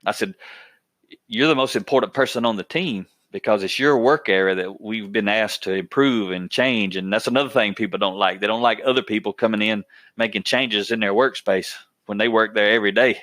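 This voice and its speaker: A man's voice: fairly low pitch, a little fast, fairly bright tone, no room sound. A man hosting a podcast, telling a workplace story in a plainspoken, folksy way, often repeating his words as he goes. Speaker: podcast host.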